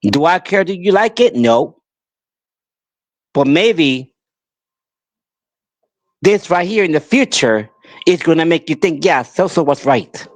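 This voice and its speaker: A man's voice: fairly high pitch, animated, slow, pauses often, dry recording. A man hosting a podcast, delivering an angry, emphatic monologue that pleads with listeners and repeats itself. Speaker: podcast host. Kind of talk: impassioned monologue.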